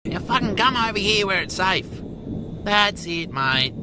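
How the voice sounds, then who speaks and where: A man, filmed outdoors during a storm, talking excitedly and swearing constantly. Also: high-pitched, unhurried. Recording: distant mic, loud storm noise.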